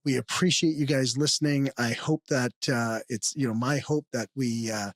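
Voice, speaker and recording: A man's voice: medium pitch, fairly even intonation, moderate pace, dry recording, clean studio sound. A man hosting a podcast, talking in an easygoing way with many fillers. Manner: easygoing, filler-laden delivery. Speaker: podcast host. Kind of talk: podcast chat and outro.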